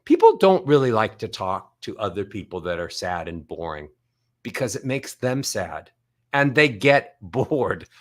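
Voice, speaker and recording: Animated man teaching vocal melody. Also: on the low side, measured pace. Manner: animated, demonstrates voice melodies by singing up and down. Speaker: voice coach and author. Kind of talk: lively motivational talk.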